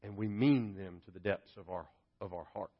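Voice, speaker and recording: A man preaching a sermon as a pastor, swinging from hushed, reflective passages to loud, emphatic ones. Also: on the low side, moderate pace, husky. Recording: dull lo-fi sermon audio.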